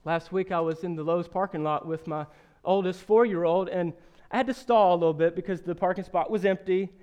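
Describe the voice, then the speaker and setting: A man in his thirties preaching a sermon as pastor, earnest and storytelling, rising to emphatic questions and then going quiet. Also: high-pitched, fairly even intonation, brisk, smooth, muffled recording. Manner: earnest, builds to emphatic rhetorical questions, then drops soft; storytelling with self-deprecating humor.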